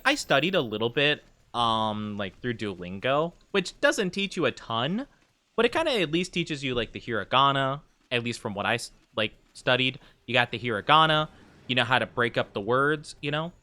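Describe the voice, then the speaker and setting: A man's voice: mid-range voice, pushed and bright. A young man chatting casually with his live-stream audience while gaming, rambling with lots of fillers. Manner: rambling, filler-heavy, friendly with chat. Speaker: streamer playing a game.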